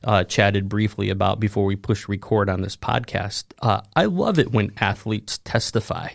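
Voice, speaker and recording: A man with a lowish, gravelly voice talks through a Bible verse in relaxed podcast chat. He tells stories with energy and laughs at his own jokes. The sound is close and dry, with no room around it. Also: normal speed, dry recording. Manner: animated storytelling, laughs at himself. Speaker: pastor who preached the sermon series. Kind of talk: casual podcast chat about scripture.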